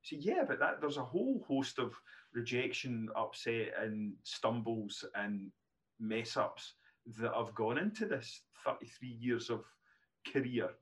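Animated man in his fifties. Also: medium pitch, unhurried. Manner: animated, self-deprecating, frequent restarts. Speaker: guest, neurologist. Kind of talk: casual podcast storytelling.

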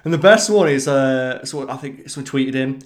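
A man's voice: medium pitch, fairly quick. A man in casual podcast chat, telling stories with enthusiasm and plenty of swearing.

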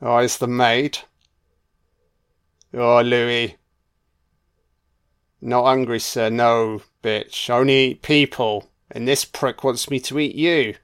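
A man's voice: mid-range voice, fairly even intonation, slow pace, long pauses, a bit bright, clear, resonant tone. A man giving a casual, crude audio commentary while watching a film. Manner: crude, chatty, sweary.

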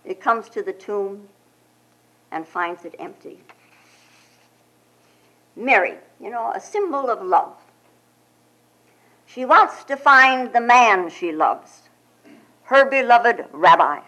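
A woman Zen teacher giving a spiritual sermon. She retells scripture as a gentle, reflective storyteller and often adds "you know". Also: fairly high pitch, low-quality recording. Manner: slow and expressive, frequent "you know" asides.

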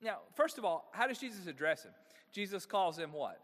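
A man's voice: high voice, big pitch swings, fairly quick, fairly bright tone, big-room sound. A male pastor preaching a sermon, engaging the congregation with frequent rhetorical questions.

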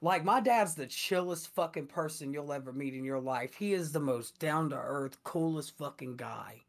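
A young man co-hosting a casual podcast, telling stories in an animated way and swearing a lot. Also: fairly high pitch, normal speed, creaky. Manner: animated storyteller, heavy swearing. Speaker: podcast co-host.

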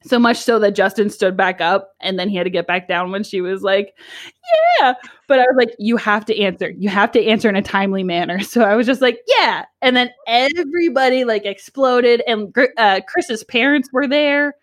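A young woman in her twenties co-hosting a podcast, telling a story in a casual chat, animated and giggly with lots of "like". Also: medium pitch, fairly quick, hardly any pauses. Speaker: podcast co-host.

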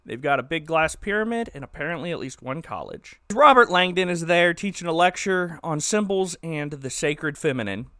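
A man co-hosting a casual comedy podcast, recapping a movie in an animated, joking way. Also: fairly high pitch, normal speed, hardly any pauses, clean tone, no room sound, clean studio sound. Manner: jokey, animated storytelling, puts on silly voices for characters.

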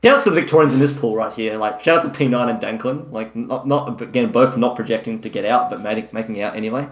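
A man, co-hosting a casual podcast and giving relaxed shout-outs. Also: mid-range voice, quick pace. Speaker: podcast co-host. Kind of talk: casual chat. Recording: roomy echo.

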